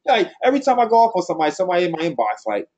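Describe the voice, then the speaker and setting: A man's voice: high voice, huge pitch swings, very fast, darkish tone. A man giving a blunt, passionate team talk in a loose, slangy way, like a trainer speaking to his team. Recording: dull lo-fi sound.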